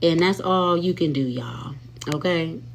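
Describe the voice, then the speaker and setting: Chatty and sassy, this livestream host keeps things casual, frequently addressing her viewers as y'all and honey. She's an adult with children, and her low, gravelly voice moves at an unhurried pace.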